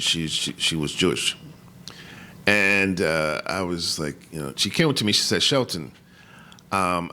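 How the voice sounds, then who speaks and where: A man on a conference panel telling a personal story, halting and emotional, with many restarts and fillers. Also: deep voice, pushed and bright. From New York. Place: conference hall.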